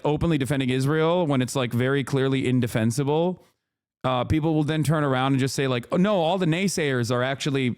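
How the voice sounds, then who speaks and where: A man streaming live, reacting to a clip and arguing his point in a heated, sarcastic way with quick restarts and fillers. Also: mid-range voice, clean tone. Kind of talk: casual stream commentary.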